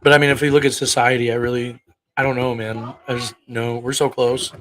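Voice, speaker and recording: A man's voice: medium pitch, little pitch movement, fairly quick, a bit bright, poor audio. A man in his thirties hosting a casual livestream, rambling and cursing bluntly as he talks to his viewers. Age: 30s. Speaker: livestream host.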